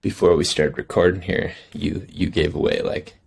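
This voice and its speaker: A man's voice: sits low, steady tone, normal speed, vocal fry, darkish tone, breathy edge. A man who is a hunter, a guest on a podcast, speaking in an earnest, reflective way in casual conversation. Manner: earnest, reflective, laughs easily.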